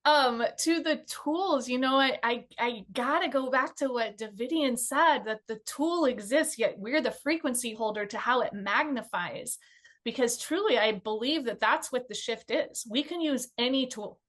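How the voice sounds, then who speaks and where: A woman co-hosting a conversational panel, talking in an animated, chatty way with fillers and light giggles. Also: a little high, moderate pace.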